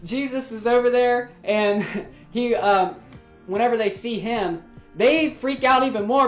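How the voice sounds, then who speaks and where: A woman leading a children's ministry, retelling a Bible story to kids in an animated storytelling manner. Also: mid-range voice, measured pace. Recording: roomy with faint music.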